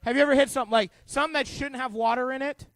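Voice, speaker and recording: A man with a strikingly high voice leads a youth group Bible lesson. He is animated and joking, full of asides and questions for the kids. The sound is dry, with no room echo. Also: racing. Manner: playful and joking, quizzing the kids. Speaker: youth pastor.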